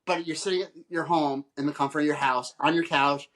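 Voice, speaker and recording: A man's voice: fairly high pitch, steady tone, a little fast, a bit bright, poor audio. Rambling male podcast guest. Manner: rambling storyteller who acts out quoted people. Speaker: photographer. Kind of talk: casual chat.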